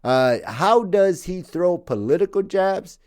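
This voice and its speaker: Animated rambling male podcast host. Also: high-pitched, slow. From Canada. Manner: rambling, laughs and swears freely. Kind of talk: casual podcast chat and comedy roasting.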